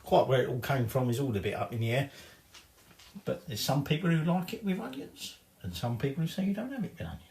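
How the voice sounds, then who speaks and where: A man's voice: medium pitch, big pitch swings, fast talker, vocal fry, darkish tone, reverberant. A man giving a casual cooking demonstration in his home kitchen, chatty and rambling, with cheeky swearing. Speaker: home cook.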